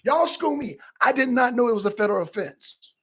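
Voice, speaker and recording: A man hosting a political talk livestream, animated and repetitive, calling out viewers in the chat. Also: extremely high pitch, a little fast, vocal fry, husky. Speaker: talk show host.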